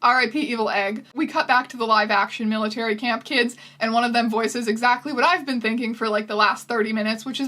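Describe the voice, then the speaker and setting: A woman's voice: on the high side, steady tone, fast, few pauses, pushed and bright. A woman hosting comedic commentary, sarcastic and incredulous, close to the mic. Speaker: video host.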